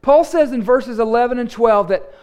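Man, pastor, high voice, emphatic sermon, repeats phrases. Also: normal speed, a little mellow, clean tone. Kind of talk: sermon with prayer.

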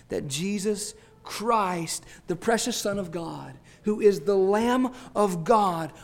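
A man preaching a sermon, swelling to emphatic peaks and dropping to hushed, drawn-out phrases. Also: high voice. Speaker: pastor.

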